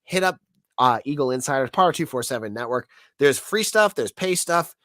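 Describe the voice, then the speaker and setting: A man's voice: mid-range voice, normal speed, no echo, studio quality. A man hosting a sports podcast with a sick, nasal voice, chatting casually and often restarting his sentences. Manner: lively, restarts often, speaks straight to the audience. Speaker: podcast host.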